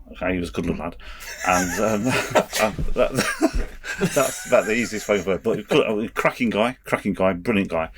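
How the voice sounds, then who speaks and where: A middle-aged man with a very deep voice tells an anecdote on a podcast. He speaks haltingly, restarts his sentences often and breaks into chuckles. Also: husky. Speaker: guest, race official and former soldier. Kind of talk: anecdotal storytelling.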